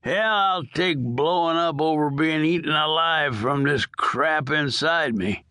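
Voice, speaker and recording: A man's voice: on the high side, a little slow, pushed and bright, clear, resonant tone, no echo, studio quality. A man voicing a dying, foul-mouthed old male prisoner with a coarse drawl. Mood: demanding. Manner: coarse, drawling, wheedling then demanding.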